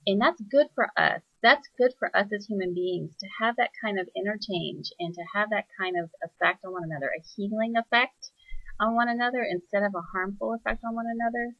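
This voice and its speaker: A woman hosting a reflective spoken monologue, soft-spoken and searching, pausing often with fillers as she thinks aloud. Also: medium pitch, no room sound, dull audio. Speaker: spiritual teacher.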